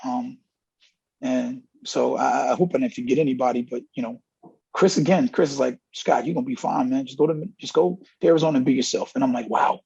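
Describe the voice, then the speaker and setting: This middle-aged man, a college running backs coach and interview guest, speaks a little fast at medium pitch, darkish and breathy with vocal fry. Candid and earnest, he tells stories full of acted-out dialogue, and the recording is dull lo-fi.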